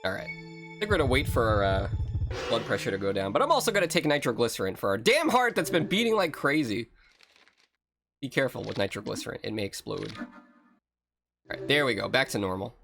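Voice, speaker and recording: Male let's-player, animated and jokey, talks to viewers, game music bed. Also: mid-range voice, fairly quick, vocal fry, long pauses. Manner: animated, joking, talks to chat. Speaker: game streamer. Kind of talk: let's-play commentary.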